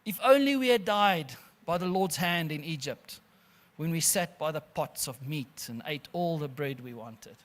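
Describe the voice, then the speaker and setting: A preacher voicing complaining Israelites in the desert, whiny and grumbling, in a sermon. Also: male voice, fairly high pitch, lively intonation, a little slow, few pauses.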